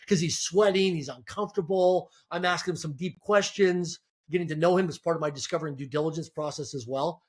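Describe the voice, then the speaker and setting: A man speaking as a podcast guest, giving emphatic motivational advice, often repeating words and stacking points in quick lists. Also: on the high side. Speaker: guest entrepreneur.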